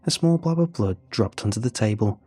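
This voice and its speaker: A man narrates a scripted horror story in a calm, measured way. His voice is fairly low, dark and a little husky, recorded close and dry with faint music underneath. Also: no echo.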